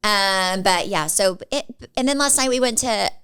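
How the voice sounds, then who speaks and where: A woman in her forties co-hosts a podcast, telling stories in a rambling, casual way and leaning heavily on "like" and other fillers. Her voice is smooth and fairly bright, medium in pitch, at a normal speed.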